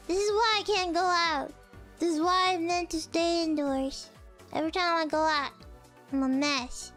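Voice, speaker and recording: A young woman streamer telling a story in casual chat, excitable, exclaiming, and mocking herself. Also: extremely high pitch, moderate pace, soft background music. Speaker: virtual streamer.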